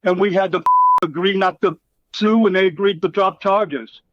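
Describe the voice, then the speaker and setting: High-pitched man telling rowdy stories. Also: normal speed, no room sound. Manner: rambling, profane, acts out quotes from others. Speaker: interview guest, former wrestler. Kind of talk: casual storytelling interview. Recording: slightly dull, dry recording.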